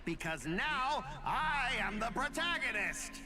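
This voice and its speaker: Casting: a mocking, theatrical villain-master, high and lively, slow drawl, music behind. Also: male voice, exaggerated voice. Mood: gloating. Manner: smug, mocking. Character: gloating arrogant young male master, theatrical. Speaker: game character.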